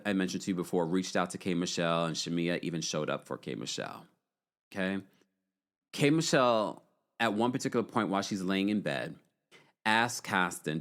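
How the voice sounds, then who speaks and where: A man hosting a casual recap podcast, chatty and opinionated, reading comments from a live chat and often breaking into laughter. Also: lowish voice. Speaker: podcast host.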